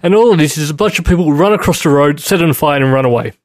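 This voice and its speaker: Male podcast co-host, slightly higher voice, matter-of-fact. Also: expressive, rapid-fire. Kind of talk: casual chat.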